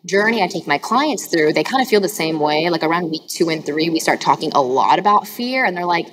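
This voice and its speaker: A woman's voice: lowish voice, animated, brisk, a bit bright, rough recording. A woman hosting a podcast and coaching clients, talking candidly and emphatically in casual chat, with some swearing. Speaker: podcast host and healing coach.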